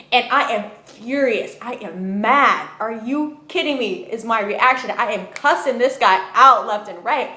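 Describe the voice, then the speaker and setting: A woman's voice: on the high side, a bit bright. A woman telling a personal story in a casual, emphatic way, full of "you know what I mean". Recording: roomy echo.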